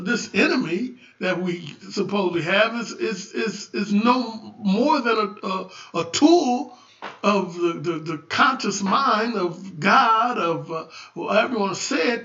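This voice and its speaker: A man with a very high, bright voice delivers a rambling spiritual talk, repeating and restarting words as he works up to loud preaching. He sounds set back from the mic in an echoey room, and the sound is dull and lo-fi. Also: distant mic. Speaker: livestream host.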